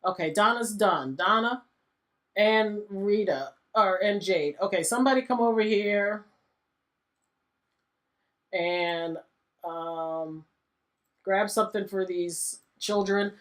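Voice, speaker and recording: A woman's voice: mid-range voice, slow, long pauses, a bit bright. A chatty woman talks through her gameplay in a middle-range voice, sounding exasperated and laughing often. Her commentary is loose and conversational, like a casual let's-play. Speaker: gaming channel host.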